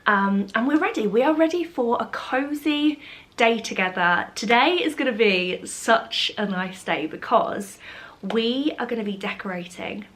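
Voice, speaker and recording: A young woman chatting warmly in a cozy vlog, a bit nasal and short of breath from a cold. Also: fairly high pitch, animated, a little slow. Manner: gushing and affectionate, many "like"s. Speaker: vlogger. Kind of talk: cozy casual vlog chat.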